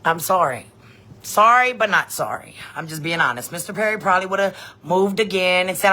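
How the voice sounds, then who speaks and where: A woman, telling a story in a blunt, profane, animated vlog rant. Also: mid-range voice, brisk. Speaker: vlogger.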